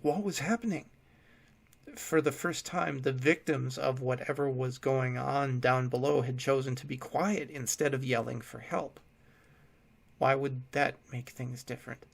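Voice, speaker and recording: A man narrates a horror story in a measured, grim tone. His voice sits at an ordinary middle pitch. It has a gravelly, creaky texture, and he keeps the delivery steady.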